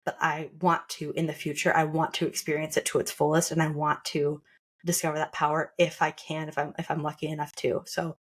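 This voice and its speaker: A young woman with a somewhat low voice talks on a casual podcast. She is reflective and candid, often backing up to rephrase. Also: flat delivery, brisk, slightly rough. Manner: reflective, with frequent restarts and laughter. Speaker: podcast co-host sharing her birth story.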